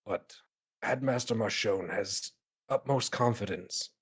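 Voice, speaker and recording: A man's voice: fairly low pitch, measured pace, slightly rough, full character voice. A man voicing a stiff male college official who brushes off concerns in a formal, placating way. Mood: dismissive.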